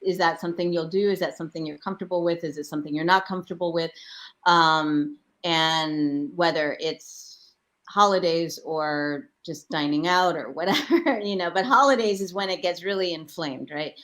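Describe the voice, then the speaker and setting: A woman's voice: on the low side, normal speed, a bit bright. A woman hosting a casual group discussion, calling on guests and affirming them often. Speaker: host.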